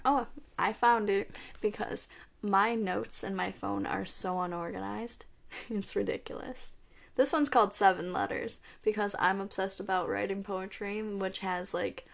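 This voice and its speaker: A woman's voice: mid-range voice, vocal fry. A woman who is losing her voice, chatting casually as a podcast host and reading her own poems aloud. She is self-deprecating and often trips over her words.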